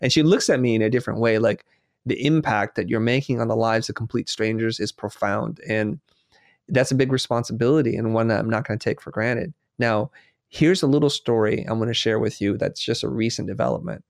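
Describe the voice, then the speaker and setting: A middle-aged man chatting as a guest, telling stories with lively acted-out dialogue. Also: medium pitch, fairly quick, creaky, no room sound, clean studio sound. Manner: animated storyteller, acts out dialogue. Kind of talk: casual conversation.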